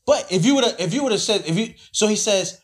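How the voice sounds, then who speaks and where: A man's voice: sits high, animated, fairly quick. A man telling a story in a casual podcast conversation, insistent and full of repeats. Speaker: podcast guest.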